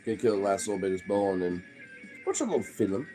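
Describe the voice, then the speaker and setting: Low-voiced man cooing at his pets. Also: animated, fast talker, warm tone, soft background music. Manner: coos baby talk at his pets, swears freely. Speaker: streamer. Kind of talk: casual live-stream chat.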